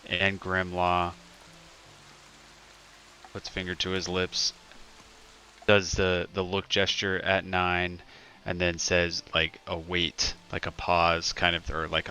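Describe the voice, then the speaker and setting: A man's voice: low voice, monotone, slow pace, bright, forceful tone, a little hiss or hum. A man playing a tabletop role-playing game, describing his character's actions in a wry, profane way. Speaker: player. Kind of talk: tabletop role-play, casual chat.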